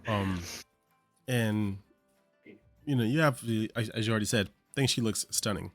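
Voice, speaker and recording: A man's voice: fairly low pitch, moderate pace, dry recording, soft background music. A man narrating as game master, hesitant with fillers and voicing the other characters. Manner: hesitant, lots of fillers, voices non-player characters.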